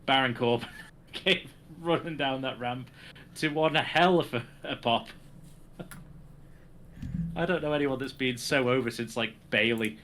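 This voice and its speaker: A man's voice: mid-range voice, unhurried, long pauses, a bit bright, a little hiss or hum. A man co-hosting a podcast, recapping wrestling events casually and laughing often. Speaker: podcast co-host.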